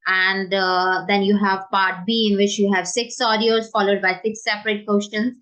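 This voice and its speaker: A woman teacher with an Indian English accent, explaining an exam in an informal spoken lesson, often pausing with fillers and restarting her sentences. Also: medium pitch, level tone, a bit bright, low-quality recording. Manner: hesitant, many fillers and restarts.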